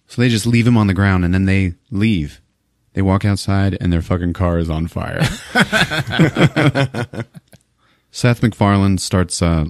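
Very low-voiced man recapping a movie. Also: no room sound, clean studio sound. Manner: profane, laughing often. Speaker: podcast host.

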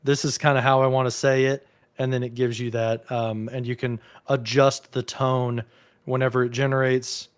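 Man, casual tech chat, hedging, mid-pitched voice. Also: level tone, normal speed, smooth. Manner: thinks aloud, hedging with fillers and restarts. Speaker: co-host of a tech discussion.

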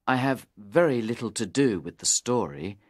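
A man's voice: medium pitch, lively intonation, moderate pace, dry recording, studio quality, natural voice. A man doing a nervous pleading young man. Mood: anxious. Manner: anxious and pleading. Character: nervous, pale young man in his twenties. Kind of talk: audiobook character reading.

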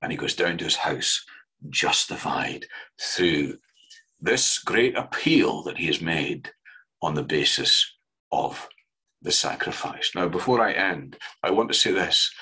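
Male preacher, husky voice, earnest sermon delivery with big swings between fervent highs and hushed lows. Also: lively intonation, poor audio. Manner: earnest, rising to fervent emphasis then dropping low and slow.

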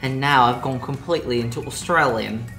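A man's voice: medium pitch, fairly quick, bright, forceful tone, faint music behind. A man in drag hosting a comedic makeup tutorial, campy, playful and self-mocking. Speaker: drag queen host.

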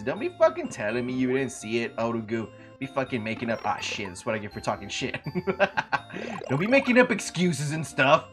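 A man streaming a game with a wildly animated voice that swings into loud, high yelps, cursing at the game and greeting viewers by name. His talk is casual and full of trash talk. Faint music plays underneath. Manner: loud sudden outbursts jumping high in pitch. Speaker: livestreamer. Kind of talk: casual gaming livestream commentary.

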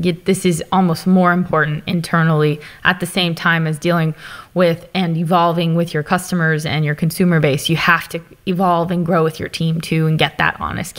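A guest who founded a company and writes books tells stories in a candid, conversational way. Her fairly low voice is lively and open, and she's quick to laugh.

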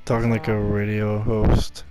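A man's voice: fairly low pitch, monotone, measured pace, over music. A man in casual gaming chat, dry and full of swearing. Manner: cursing, dry. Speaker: player doing a dare. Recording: loud background noise.

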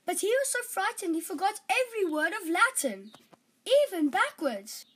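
A woman tells a children's fairytale with animated, expressive storytelling. Her voice sits very high and swoops lively through each sentence. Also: moderate pace, poor audio.

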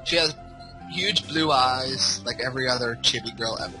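A man's voice: medium pitch, normal speed, music in the background, low-quality recording. A young man trading quips during a casual game commentary, talking over the others. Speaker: let's play commentator.

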